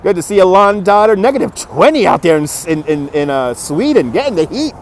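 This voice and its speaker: A man's voice: sits high, animated, brisk. Chatty man livestreaming on a city street. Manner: upbeat, chuckles often, greets chat by name. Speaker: livestream host. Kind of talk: live walking stream, chatting with viewers. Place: outdoors on a city waterfront street. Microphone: phone on a handheld gimbal. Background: faint city traffic.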